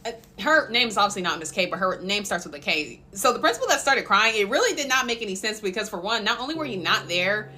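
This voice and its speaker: A young woman from Oklahoma telling a casual storytime in an animated, chatty way, laughing often and filling her talk with fillers. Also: medium pitch, fast talker, hardly any pauses.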